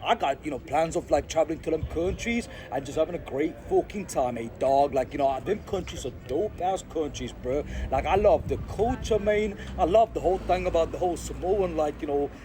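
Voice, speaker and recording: A man's voice: fairly high pitch, brisk, hardly any pauses, mellow, a little hiss or hum. A man from Sri Lanka vlogging outdoors in a rambling, casual monologue. He is full of slang and keeps saying "hey, dog" and "I gotta be honest.". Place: outdoors in an urban spot.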